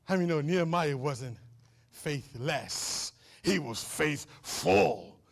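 A fervent male pastor preaching in a high voice with a gravelly rasp. He repeats phrases and keeps calling out to the congregation. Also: lively intonation, takes it slowly. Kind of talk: sermon.

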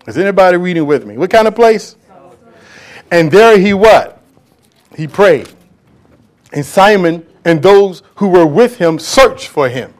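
A male pastor preaches emphatically in a fairly high voice. He repeats words for stress and shifts between raised, urgent lines and quieter, intimate asides. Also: lively intonation, unhurried. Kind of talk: sermon.

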